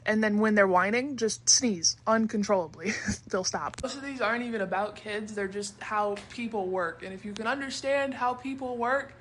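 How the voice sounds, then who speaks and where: A woman giving blunt, casual parenting advice, swearing and acting out quick voices. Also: mid-range voice, fairly bright tone, a little hiss or hum. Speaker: parenting tips creator.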